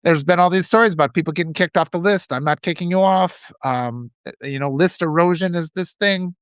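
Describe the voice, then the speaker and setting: A man's voice: on the high side, a little fast, smooth, no echo, clean studio sound. A man hosting a political livestream, reading viewer comments and ranting in a profane, riled-up way, with lots of restarts.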